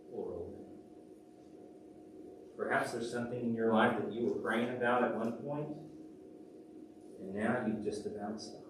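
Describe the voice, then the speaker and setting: A man preaching a sermon as pastor, telling stories animatedly and dropping from loud to hushed. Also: fairly low pitch, a little hiss or hum. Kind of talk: sermon with storytelling. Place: church sanctuary. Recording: very echoey church from a distant mic.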